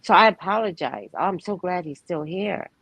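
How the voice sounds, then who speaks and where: Woman tarot co-host, low gravelly voice, very animated delivery, dry close sound. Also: normal speed, poor audio. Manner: animated, expressive storyteller. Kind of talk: casual live-stream chat and tarot reading.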